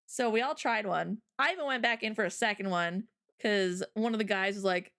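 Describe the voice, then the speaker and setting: A woman's voice: mid-range voice, a little fast, a bit bright. A woman hosting a casual chat, telling stories in a bubbly, giggly way. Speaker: host.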